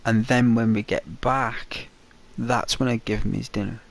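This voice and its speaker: Slow gravelly man rambling. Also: mid-range voice, fairly even intonation. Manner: rambling, filler-heavy. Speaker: gaming commentator. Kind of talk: casual rambling commentary.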